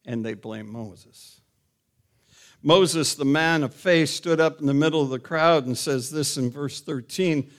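Preaching man with a high-leaning voice. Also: sing-song, unhurried. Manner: rises to loud emphatic preaching, asks the congregation questions. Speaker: pastor. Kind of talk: sermon.

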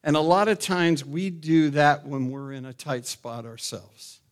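A middle-aged man preaching a sermon as pastor, asking the congregation questions and rising to loud, emphatic calls. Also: on the high side, steady tone, a little slow.

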